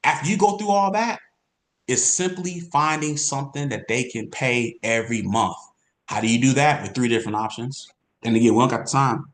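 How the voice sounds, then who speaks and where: In a brisk sales training talk for insurance agents, an energetic, mid-pitched man coaches his audience and hammers points home through repetition. A roomy echo fills the recording.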